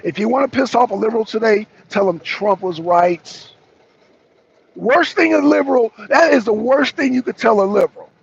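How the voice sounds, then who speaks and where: A man's voice: very high voice, normal speed, creaky, breathy edge, highs cut off. A man hosting a political talk stream, chatting casually and animatedly with viewers, greeting them by name and swearing often. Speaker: political talk show host. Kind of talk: casual live-stream commentary.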